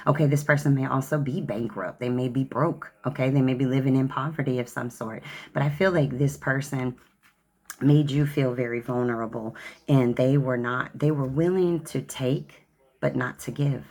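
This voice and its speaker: Very deep-voiced gravelly woman tarot reader. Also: normal speed, darkish tone. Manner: sassy, chatty, calls the viewer honey and child. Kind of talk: tarot card reading to camera.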